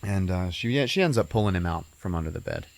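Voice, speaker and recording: A man's voice: deep voice, lively intonation, quick pace, vocal fry. A man hosting a podcast, casually retelling a movie plot in a rambling, profane way full of fillers. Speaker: podcast host.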